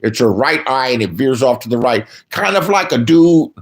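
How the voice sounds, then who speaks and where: A man ranting casually as a streamer giving commentary, blunt and profane, swinging between low mutters and loud outbursts. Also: animated, moderate pace.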